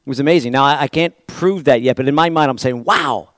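A man's voice: mid-range voice, fast talker, a bit bright, no echo. A man pastor preaching a sermon in a church, talking in a conversational, rambling way with restarts and repeated words.

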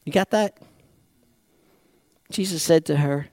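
A man preaching a sermon dramatically, swinging from loud exclamations to hushed, reflective passages. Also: medium pitch, moderate pace, dry recording, clean studio sound.

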